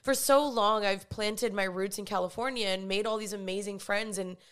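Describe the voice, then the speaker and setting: A woman's voice: medium pitch, fairly even intonation, moderate pace, a bit bright, smooth. A young woman from Texas, talking to her viewers in a casual, earnest vlog chat, with lots of "like" fillers. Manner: chatty, earnest, full of "like" fillers. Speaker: vlogger.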